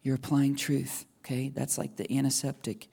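A man with a gravelly, dark voice delivers a sermon. His tone is earnest and tender, and he often sinks to hushed near-whispers. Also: mid-range voice, completely flat delivery, moderate pace. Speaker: pastor.

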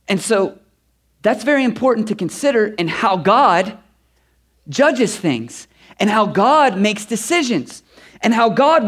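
A man preaching a sermon, animated, swinging from quiet reflection to shouted enthusiasm. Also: high-pitched. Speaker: pastor.

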